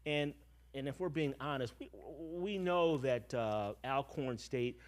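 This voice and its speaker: Man talking football history. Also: mid-range voice. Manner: measured, explains with stats and history. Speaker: football commentator. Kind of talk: casual sports chat.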